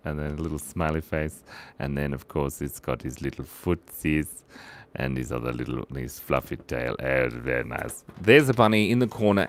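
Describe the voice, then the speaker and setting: A man's voice: extremely low pitch, a little hiss or hum. A middle-aged man hosting a casual live drawing stream, chatty and playful as he reads out viewer suggestions.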